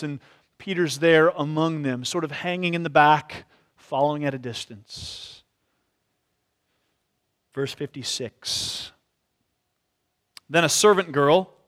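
High-voiced preacher, reflective and unhurried. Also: male voice, a bit bright, smooth. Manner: reflective, often hedges with "sort of". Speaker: pastor. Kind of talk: expository sermon. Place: church.

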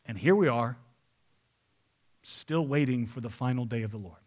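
A man preaching a sermon, reading scripture and paraphrasing it in an emphatic, animated way. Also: medium pitch, moderate pace.

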